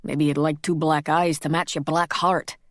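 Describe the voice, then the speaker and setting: A woman's voice: low voice, level tone, normal speed, no echo, studio quality, lightly acted. Woman voicing a curt Scottish vampire man. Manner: curt, clipped retorts. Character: brooding Scottish male vampire, quick-tempered.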